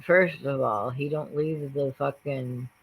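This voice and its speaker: A woman's voice: very deep voice, steady tone, takes it slowly, breathy edge, poor audio. Firm, disapproving gossip panel woman. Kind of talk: casual gossip panel chat.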